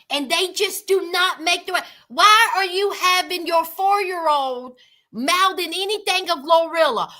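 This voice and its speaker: A woman hosting a livestream, chatting casually with viewers and calling them by name, animated and exclaiming. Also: very high voice. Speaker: livestream host. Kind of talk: casual commentary chat with viewers.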